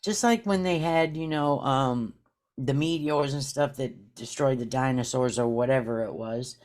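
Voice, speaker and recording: A woman's voice: a bass voice, unhurried, darkish tone. A woman guest on a podcast, rambling through a casual spiritual chat with many fillers.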